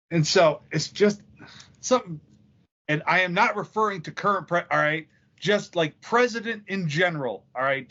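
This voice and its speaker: A man's voice: fairly high pitch, a bit bright. A man co-hosting a podcast in casual chat, joking, swearing and telling anecdotes. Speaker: podcast co-host. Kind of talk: casual profane banter. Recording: dull lo-fi recording.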